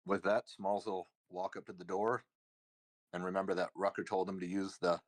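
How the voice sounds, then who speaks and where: A man playing a tabletop game, calmly describing what his character does. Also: low voice, moderate pace. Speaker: player.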